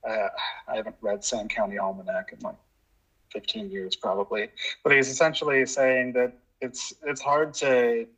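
Husky, earnest man guest. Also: medium pitch, steady tone, fairly bright tone, poor audio. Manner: earnest, reflective, measured. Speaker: podcast guest, nature educator. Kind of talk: casual interview chat.

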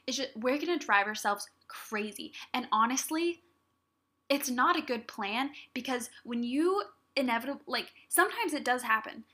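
A young woman hosts her own podcast and talks alone to her listeners. Her voice is bright and sits a little high. She sounds earnest and encouraging, speaking directly to the audience. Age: young adult. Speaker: podcast host. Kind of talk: solo motivational talk.

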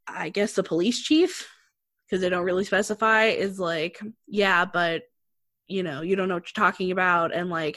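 A woman's voice: lowish voice, no room sound. Female co-host, casual recap voice, laughs a lot, dry close sound. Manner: chatty, laughs often, quotes characters in flat asides. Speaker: podcast co-host recapping a drama. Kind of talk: casual chat.

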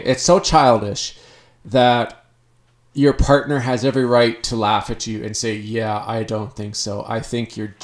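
A man's voice: mid-range voice, roomy sound. A man giving a blunt, earnest talk about healing, speaking directly to listeners and sharing his own struggles. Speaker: self-help speaker.

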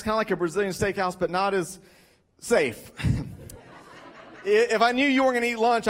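A male pastor delivers a sermon in a high, lively voice. He tells stories with humor and pokes fun at himself. He speaks into a stage mic. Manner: animated, joking storyteller.

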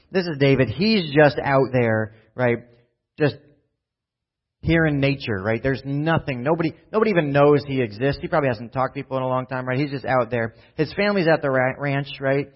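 A man preaching a sermon in a casual storytelling manner, often checking in with "right?". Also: mid-range voice. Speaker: pastor. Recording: dull lo-fi sound.

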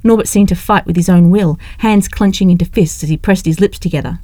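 A woman narrating an audiobook in a brisk, expressive way. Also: fairly low pitch, no echo.

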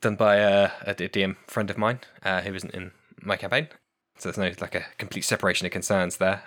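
Low-voiced man in bright, rambling chat. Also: level tone, fairly quick. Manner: rambling, self-correcting, laughs often. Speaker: podcast guest and tabletop player. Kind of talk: casual chat.

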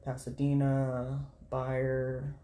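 A woman's voice: extremely low pitch, monotone, drawn-out words, mellow, a little hiss or hum. A woman vlogging at home as she job hunts on her computer, muttering to herself, swearing freely and reading job listings aloud. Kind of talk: casual talk while job hunting online. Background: keyboard typing.

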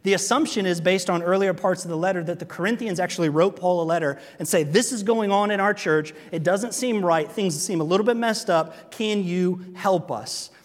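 A man preaching a sermon as pastor, animated, joking and acting out quotes. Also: high voice, moderate pace, hardly any pauses, long reverb tail. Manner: animated, jokes and acts out quotes.

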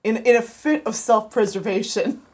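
A woman co-hosting a radio show in casual chat, telling animated stories and laughing often. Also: on the high side, normal speed, husky.

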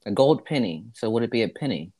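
A man co-hosting a podcast, reading out shout-outs with mock formality and playful teasing. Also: fairly low pitch, lively intonation, fast talker. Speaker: podcast co-host. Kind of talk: casual comedic banter.

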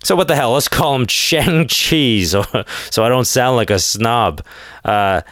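A man's voice: medium pitch, animated, measured pace, fairly bright tone, dry recording, studio quality. A man hosting a podcast alone, late at night, rambling sarcastically with lots of filler words. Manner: rambling and sarcastic, heavy use of "like". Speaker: podcast host. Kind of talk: casual solo rant.

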